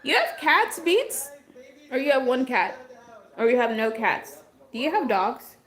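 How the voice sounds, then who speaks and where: Her voice is high-pitched and a bit bright, with big swings in pitch and a slightly slow delivery. As host of a casual livestream, she talks straight to viewers and responds to comments as they come in, though her voice is wearing out from talking so long.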